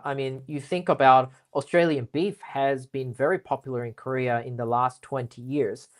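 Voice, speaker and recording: A man speaking as a guest in a casual business interview, explaining things at length with lots of fillers and restarts. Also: medium pitch. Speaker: guest expert.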